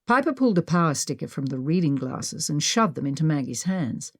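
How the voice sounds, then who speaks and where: A woman narrating a mystery audiobook with expressive storytelling. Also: low-pitched, fairly quick, hardly any pauses, no echo, clean studio sound. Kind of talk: scripted narration.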